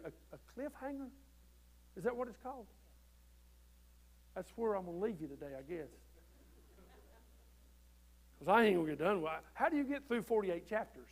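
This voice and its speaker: A man preaching a sermon from the pulpit, folksy and conversational, growing loud when he quotes scripture. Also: high voice. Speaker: pastor. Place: church.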